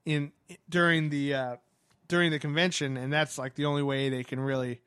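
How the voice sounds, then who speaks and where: Man, casual storyteller, higher voice, animated and gushing, dry close sound. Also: smooth, dry recording. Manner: animated, fast with many fillers and restarts.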